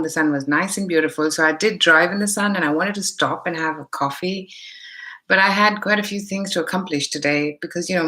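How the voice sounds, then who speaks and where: A woman's voice: lowish voice, pushed and bright. A woman with a mixed Indian accent, hosting a live tarot stream in a chatty way, greeting viewers by name and thinking aloud as she reads the cards. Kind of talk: casual live-stream chat and tarot reading.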